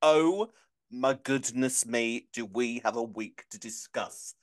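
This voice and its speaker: Excitable man hosting a podcast. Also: mid-range voice, slow. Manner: excitable, chatty, self-correcting. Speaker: podcast host. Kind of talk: casual podcast chat.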